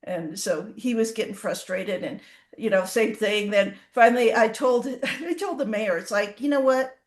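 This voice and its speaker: A woman horse trainer telling stories in an interview, animated and acting out the horses' reactions. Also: medium pitch, measured pace, reverberant. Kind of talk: casual storytelling in an interview.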